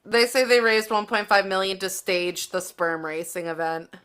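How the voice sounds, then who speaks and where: Casual podcast co-host, woman, bright and smooth, giggly storyteller. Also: mid-range voice, normal speed. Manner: animated, giggly, reads out news bits. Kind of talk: casual chat.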